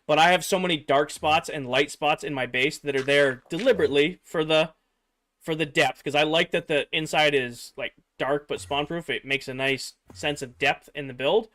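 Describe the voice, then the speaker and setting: Young male game streamer, slightly higher voice, rambling chat, going a bit hoarse. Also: moderate pace, a bit bright, a little hiss or hum. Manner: rambling, filler-heavy, answering chat. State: losing his voice. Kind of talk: casual livestream chat with viewers.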